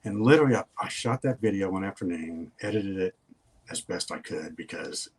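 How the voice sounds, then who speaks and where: A man's voice: low voice, lively intonation, a little fast, a little mellow, slightly rough. An older man, a guest in a casual interview, telling stories in a folksy, rambling way.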